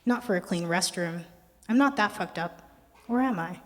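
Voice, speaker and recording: A young adult poet giving a poetry reading with a wry, conversational, deadpan delivery. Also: mid-range voice, normal speed, crowd noise. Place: art gallery performance space. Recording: long reverb of a gallery hall.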